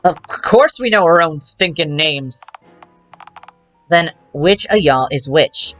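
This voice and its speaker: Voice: medium pitch, expressive, takes it slowly, a bit bright, soft background music, pitched below the performer's own voice. A streamer voicing a pair of dimwitted small-time crooks with a slangy tough-guy drawl, reading game dialogue live. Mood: scheming.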